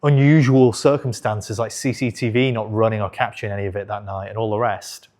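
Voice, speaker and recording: A man's voice: lowish voice, steady tone, a little fast, a little mellow. Frank man in his thirties. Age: 30s. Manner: frank, conversational, swears casually, self-corrects. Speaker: investing channel host. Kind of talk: candid storytelling to camera.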